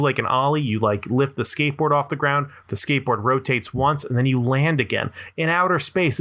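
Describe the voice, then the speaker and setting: A man's voice: mid-range voice, pushed and bright. A young adult man hosting a podcast, delivering a rambling, self-deprecating comedic monologue and swearing freely. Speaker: podcast host.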